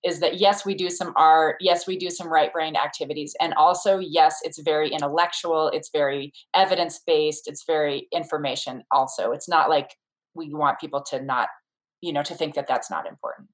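A woman's voice: low voice, normal speed, low-quality recording. A woman who is a childbirth educator, talking thoughtfully as an interview guest, explaining ideas with many fillers and restarts. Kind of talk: casual interview conversation.

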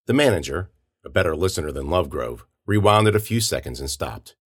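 Low-voiced male story narrator. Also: brisk, husky. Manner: steady storytelling, does character voices. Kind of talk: audiobook narration.

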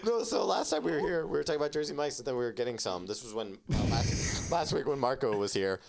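A man's voice: medium pitch, lively intonation, quick pace, creaky, crowd noise. A young man hosting a casual podcast chat with friends, rambling through stories with lots of swearing and laughter. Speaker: podcast host.

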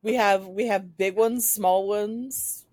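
A woman's voice: mid-range voice, steady tone, slow pace, darkish tone, no echo. A woman co-hosting a podcast in casual chat, joking and laid-back, talking over her phone from home. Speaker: podcast co-host. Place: at home, separate from co-host. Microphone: phone over hotspot.

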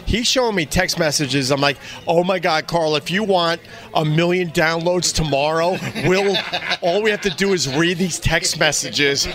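A man's voice: on the high side, moderate pace, a bit bright. A man who hosts radio and podcasts, chatting in a playful, joking way. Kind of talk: casual chat.

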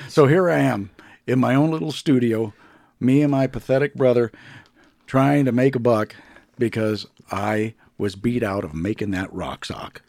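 A man's voice: medium pitch, normal speed, vocal fry, a little mellow, no echo. A man co-hosting a casual podcast from his own small studio, talking in a laid-back, rambling way with lots of fillers. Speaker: podcast co-host. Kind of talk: casual chat.

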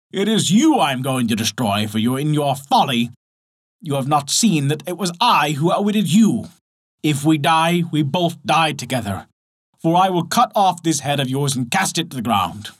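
Dude doing a sharp clever crab, cautious then tough, breathy voice. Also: male voice, fairly high pitch, sing-song, moderate pace. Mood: defiant. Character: clever wary crab, calm and cunning.

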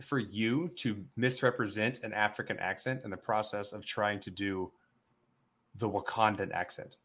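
Low-voiced rambling male podcast co-host. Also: steady tone, normal speed, a bit bright. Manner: playful, rambling, restarts sentences. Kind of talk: casual roundtable chat.

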